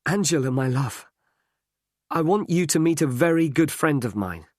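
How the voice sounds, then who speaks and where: A man reads, lightly acted, as an earnest young hero, an anxious young man engaged to be married, pitching his voice above his own natural range. The delivery is on the high side, expressive, a little mellow, and moderately paced, in a dry, studio-quality recording.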